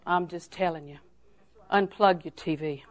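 An older woman preacher giving a sermon, telling homely stories and then rising into emphatic, drawn-out exhortations. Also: lowish voice. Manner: folksy storytelling that rises to emphatic, drawn-out exhortation.

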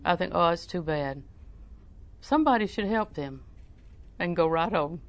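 A woman's voice: medium pitch, expressive, normal speed, a bit bright, no echo. An older woman preaching a sermon in a folksy, storytelling way, with emphatic repetition.

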